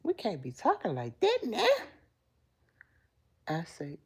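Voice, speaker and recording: A woman's voice: lowish voice, big pitch swings, unhurried, darkish tone. A middle-aged woman hosting a casual live stream, talking straight to viewers and answering chat comments. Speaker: livestream host.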